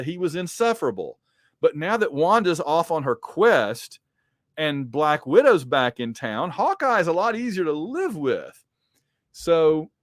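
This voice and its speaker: A man's voice: a little high, a bit bright, no echo, clean studio sound. A man hosting a podcast, reading comic books aloud with chatty, wry commentary. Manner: chatty, wry asides, many fillers. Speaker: podcast host.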